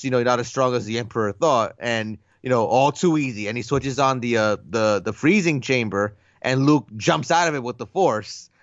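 A man's voice: mid-range voice, fairly bright tone, dry recording. Laid-back man on a dull, dry mic. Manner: laid-back, slangy, laughs often. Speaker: podcast co-host. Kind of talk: casual film chat.

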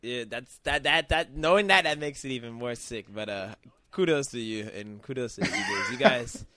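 A man hosting a podcast, chatting casually about football, animated, teasing and swearing freely. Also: mid-range voice, moderate pace, no room sound. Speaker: podcast host. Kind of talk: casual chat.

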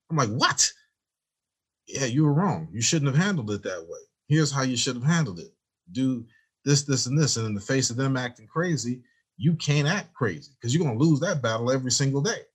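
Man, teacher, conversational interview, animated storytelling, acts out quoted dialogue, mid-range pitch. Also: fairly quick, husky. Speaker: teacher, guest.

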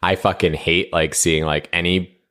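A man's voice: sits low, flat delivery, moderate pace, sharp tone. A man co-hosting a podcast, talking casually with lots of filler words and easy laughs. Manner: rambling, heavy on fillers like "like", laughs easily. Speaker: podcast co-host. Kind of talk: casual chat.

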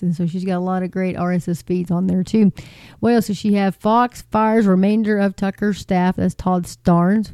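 A woman hosting a casual talk on faith and the news, rambling from one point to the next with plenty of fillers. Her voice is mellow and dark. The recording is close and dry. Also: medium pitch, smooth, no room sound. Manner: rambling and chatty, with lots of fillers and asides. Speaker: Christian commentary host. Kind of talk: casual prophecy news commentary.

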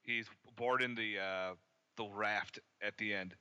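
A man's voice: fairly low pitch, steady tone, a little slow, sharp tone, clean tone, lo-fi sound. A man co-hosting a casual movie podcast, recounting scenes and acting out the lines. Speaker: podcast co-host.

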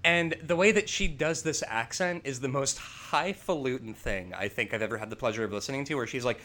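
A man co-hosting a casual film review chat, rambling and animated, swearing casually as he talks. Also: mid-range voice, a little fast. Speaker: podcast co-host.

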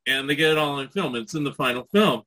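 A man's voice: medium pitch, fast, bright, forceful tone, poor audio. A man telling a rambling anecdote in casual chat, full of "you know" and small laughs. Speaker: podcast guest.

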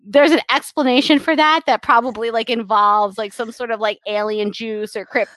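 A woman's voice: a little high, steady tone, moderate pace, a bit bright, no echo. A woman co-hosting a podcast in casual chat, playful and riffing, often breaking into laughter. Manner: playful, riffs with goofy voices and laughs. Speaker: podcast co-host.

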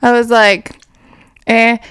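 Frank chatty woman, smooth clear voice, dry close sound, swears a lot. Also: fairly high pitch, level tone, slow, a bit bright, no echo. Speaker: podcast co-host. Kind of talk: casual chat.

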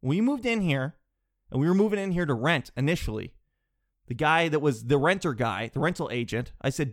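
A man with a cold, sniffling as he rambles through an animated, digressive comic monologue from his home office. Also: a little high, fairly quick. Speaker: vlogger.

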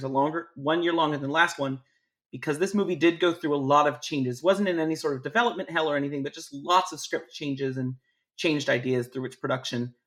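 A man on a movie podcast, casually walking through a film's production history. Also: on the high side. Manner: lively, explains production history. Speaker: podcast guest.

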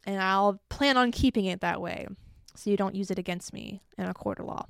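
A young woman hosts her podcast in a loose, self-deprecating chat, tired from an early morning. Her voice carries a gravelly fry at mid pitch. It is recorded close and dry, with no room sound. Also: brisk, dry recording. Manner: chatty and self-deprecating, joking asides. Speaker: podcast host. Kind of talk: casual solo podcast chat.

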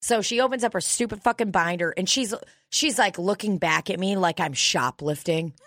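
A young woman with a deep voice hosting a podcast, telling a story in a brash, swearing rant. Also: normal speed, fairly bright tone, a little hiss or hum. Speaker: podcast host. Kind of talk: casual comedic chat.

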